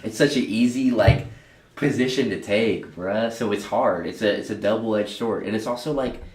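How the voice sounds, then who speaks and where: A man's voice: lowish voice, moderate pace, roomy sound. A man in his twenties hosting a casual podcast, earnest and rambling with slang. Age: 20s. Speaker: podcast host. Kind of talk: casual chat.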